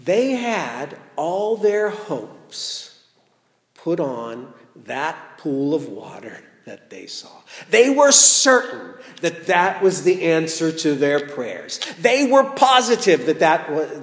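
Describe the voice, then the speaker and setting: A man's voice: on the high side, very animated, slow pace, roomy sound, big-room sound. A man giving a sermon, retelling a story in a playful way with rhetorical questions. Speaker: preacher.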